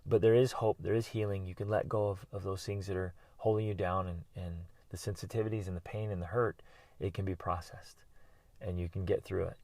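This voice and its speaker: A man's voice: deep voice, fairly even intonation, fairly quick, no room sound. A middle-aged man hosting a podcast, talking alone in an earnest, encouraging way about working through pain. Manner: earnest and encouraging, with bursts of loud yelling. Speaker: podcast host and life coach. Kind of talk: motivational solo talk.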